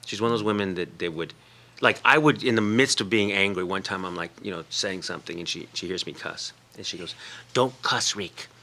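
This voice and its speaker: A man's voice: low-pitched, brisk, sharp tone. A man being interviewed as an author on a radio talk show, telling stories, acting out quoted voices and laughing often. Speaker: author and guest. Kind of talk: casual radio interview chat.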